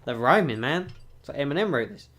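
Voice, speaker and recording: A man's voice: medium pitch, lively intonation, quick pace, fairly bright tone. A man hosting a game video, reading dialogue aloud with jokey asides and self-mocking laughs. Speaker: gaming video host.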